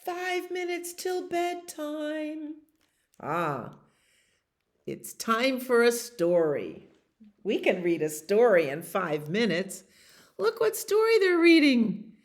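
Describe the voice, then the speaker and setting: Slow, expressive storytime librarian woman. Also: medium pitch. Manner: gentle, expressive, chatty asides to children. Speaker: children's librarian. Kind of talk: bedtime story read-aloud.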